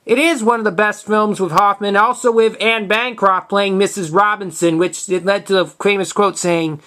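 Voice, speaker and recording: Young man in his twenties, casual collector vlog, stop-start delivery with frequent word restarts, plain unhurried tone. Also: sits high, fairly even intonation, fairly bright tone. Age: 20s. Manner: halting, restarts words, plain matter-of-fact tone. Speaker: video collector showing tapes. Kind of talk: casual show-and-tell vlog.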